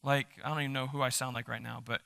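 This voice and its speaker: A man preaching a sermon as a pastor, reading scripture aloud with energy and dropping into quiet offhand asides. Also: medium pitch, quick pace, creaky, clean tone. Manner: animated, shifts between loud reading and quiet asides. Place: church sanctuary. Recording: reverberant church hall.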